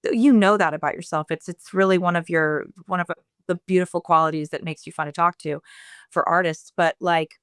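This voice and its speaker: A woman with a smooth, resonant voice, pitched a little low, speaks over a video call in a relaxed interview. She is reflective and often pauses to find the right word. The sound is dry and close. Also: no echo. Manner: reflective, searching for words as she talks. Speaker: singer-songwriter guest. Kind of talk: casual interview.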